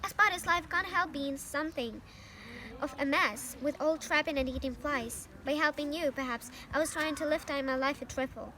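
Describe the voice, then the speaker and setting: Charlotte, a woman doing a gentle dying spider. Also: sits high, moderate pace, slight background noise. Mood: tender. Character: wise gentle female spider, calm and dying.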